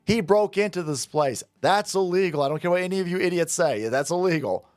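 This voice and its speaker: Male vlog commentator, sarcastic and indignant, fairly high voice, very animated delivery. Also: fairly quick, no echo, soft background music. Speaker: political commentator.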